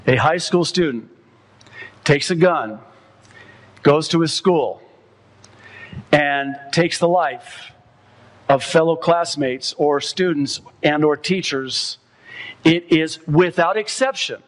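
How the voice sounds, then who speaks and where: A man preaching a sermon as pastor, quoting others at length and rising to impassioned, near-shouted peaks. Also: fairly high pitch.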